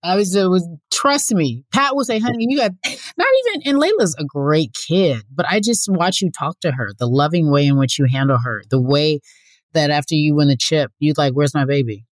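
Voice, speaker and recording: A woman's voice: sits low, lively intonation, moderate pace, no echo. A woman hosting an interview, talking in an emphatic, insistent way. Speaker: host. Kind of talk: warm conversational interview.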